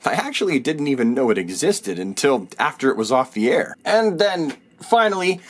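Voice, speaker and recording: A man in his thirties casually reviewing action figures, chatty and enthusiastic with joking asides. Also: fairly high pitch. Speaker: toy reviewer.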